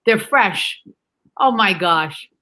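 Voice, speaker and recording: A woman chatting as a guest over a video call from home, animated and affectionate, calling people dear and love. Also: mid-range voice, slow pace, rough recording. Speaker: guest on a livestream talk show. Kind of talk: casual video-call chat. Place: home in Canada.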